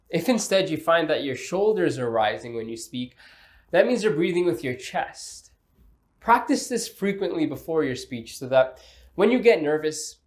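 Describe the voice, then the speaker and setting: A man giving scripted instructional narration on public speaking, speaking in a measured, clear way and shifting pace and pitch to demonstrate. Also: darkish tone. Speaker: speaking coach.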